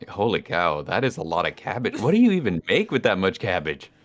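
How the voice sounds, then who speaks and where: A man's voice: deep voice, huge pitch swings, a little fast, soft background music. A man chatting as a guest on a casual livestream, playful, laughing often and trading puns.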